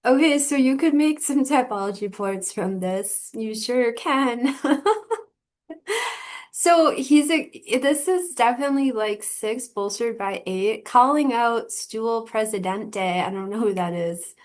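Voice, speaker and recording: Slow-talking giggly woman commentator. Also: on the high side. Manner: giggly, amused, relaxed reactions. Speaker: personality typing channel host. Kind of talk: casual commentary on a clip.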